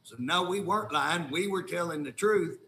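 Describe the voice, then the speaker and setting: A man's voice: a little high, normal speed, pushed and bright, reverberant, a little hiss or hum. A man with an Oklahoma accent, a state legislator telling a story in folksy, indignant, casual talk with colloquial grammar. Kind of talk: casual talk show conversation.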